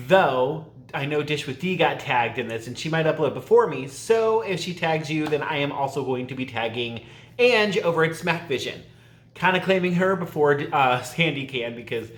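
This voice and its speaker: A man's voice: on the high side, fairly bright tone. Chatty man in an echoey room. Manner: rambling, self-interrupting, laughs often. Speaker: YouTube vlogger. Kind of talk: casual chatty tag video.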